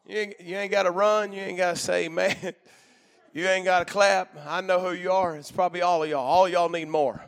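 A male preacher delivering a fiery church sermon, swinging from shouted bursts to low murmurs in a call-and-response cadence. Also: steady tone, normal speed, creaky, smooth.

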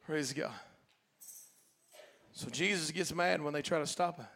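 A man preaching a Pentecostal sermon as pastor, talking in a folksy, colloquial way and swinging from quiet asides to loud shouted preaching. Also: on the high side, unhurried, gravelly. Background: faint congregation.

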